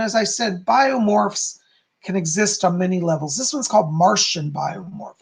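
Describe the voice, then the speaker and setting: A male psychic reads chat comments aloud on a laid-back live stream, his high voice hoarse with a darkish tone, throat-clearing and full of rambling fillers.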